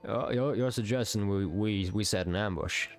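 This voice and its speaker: A man's voice: lowish voice, normal speed, faint music behind, lightly acted. A man voicing a brusque male officer who gives orders to his soldiers. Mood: gruff. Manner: brusque, commanding.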